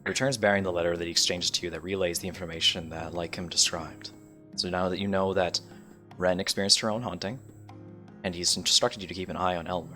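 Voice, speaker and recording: Brief: deep-voiced male game master, forceful tone, loose narration, faint music under him. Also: fairly even intonation, fast talker. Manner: loose, descriptive narration with fillers.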